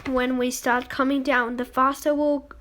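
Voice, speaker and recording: A woman's voice: high-pitched, level tone, a little slow, fairly bright tone. A woman voicing an eccentric, playful grown man who makes candy, reading his grand pronouncements in a storybook reading.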